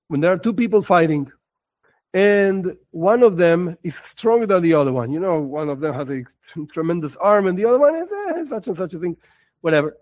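High-voiced man teaching an expressive lesson. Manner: expressive, acts out scenes and repeats words for emphasis. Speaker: religious teacher. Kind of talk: spoken lesson on religious texts.

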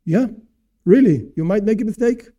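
Male Torah teacher, high voice with a mellow, dark tone, casual lecture pacing. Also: normal speed, dull audio. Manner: animated, explanatory, asks and answers himself. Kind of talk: informal religious lesson.

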